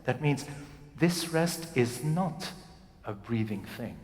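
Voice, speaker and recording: A man's voice: medium pitch, animated, takes it slowly, a little mellow. A man leading a singing masterclass as a voice coach. He talks animatedly and demonstrates phrases by speaking and singing them out. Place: concert hall. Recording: roomy hall with long reverb.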